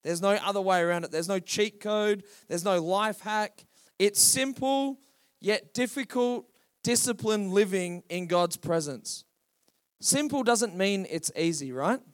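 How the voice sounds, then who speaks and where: A man preaching a sermon as pastor, rallying the congregation with calls and questions. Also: high-pitched.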